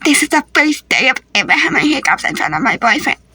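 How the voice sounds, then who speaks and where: A woman's voice: high voice, very animated, fast, pushed and bright, husky, no echo. A woman improvising a comedy family skit, talking in a playful, teasing, slangy way. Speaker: creator voicing a family skit.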